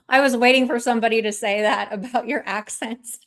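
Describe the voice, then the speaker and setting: A woman's voice: fairly high pitch, level tone, moderate pace, few pauses, fairly bright tone. A woman hosting a livestream, ranting in casual chat in a blunt, profane and combative way. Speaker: livestream host.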